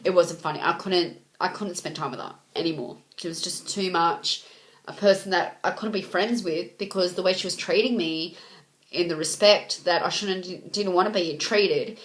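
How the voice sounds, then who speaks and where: A woman's voice: on the low side, moderate pace, fairly bright tone. A young woman telling a rambling story to camera, full of ums and reported speech. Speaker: vlogger. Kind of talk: casual storytime vlog.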